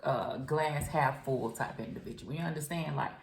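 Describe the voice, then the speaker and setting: Gravelly, frank woman reading tarot. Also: deep voice, normal speed. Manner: frank, chatty, addresses viewer directly with endearments. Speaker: tarot reader. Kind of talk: casual tarot reading to camera. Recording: echoey room.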